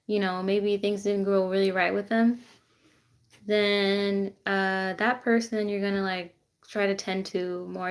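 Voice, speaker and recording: A woman giving a casual tarot reading to viewers, chatty and excitable, with lots of fillers and asides, recorded on a phone on a tripod. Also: mid-range voice. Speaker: tarot reader.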